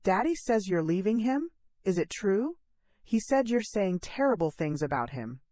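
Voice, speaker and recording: A woman's voice: medium pitch, sing-song, normal speed, warm tone, dry recording, natural voice. Woman narrator doing a tearful grown daughter, small pleading voice, dry close read. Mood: scared. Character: weepy scared adult daughter, small voice. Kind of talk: audio story narration.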